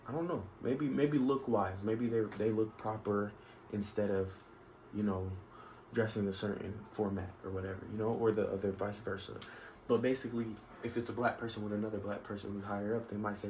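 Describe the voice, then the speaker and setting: Venting on his vlog, a man rambles through his opinions with plenty of restarts and asides. His voice is fairly low, steady and darkish, his delivery fairly quick, and the rough recording picks up faint background noise.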